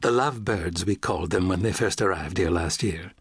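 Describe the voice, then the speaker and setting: A man voicing a genteel, playful Englishwoman with a British accent, soft-spoken and cordial. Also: low voice, brisk, breathy edge, dry recording, clean studio sound.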